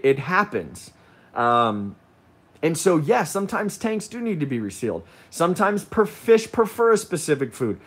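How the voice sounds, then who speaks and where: Rambling man hosting a live chat. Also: medium pitch. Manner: rambling, with frequent ums and restarts. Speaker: livestream host. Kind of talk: casual live chat, reading viewer comments.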